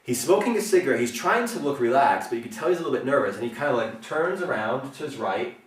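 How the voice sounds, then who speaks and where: A man's voice: mid-range voice, expressive, quick pace, distant mic. Man, self-defense instructor, earnest explainer, checks in often, echoey room, set back from the mic. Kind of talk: instructional talk.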